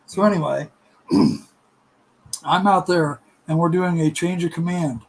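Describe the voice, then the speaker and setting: A middle-aged man telling a casual, animated story, laughing and acting out other people's voices. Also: on the high side, a little slow, low-quality recording. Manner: animated, laughing, acts out voices in his stories.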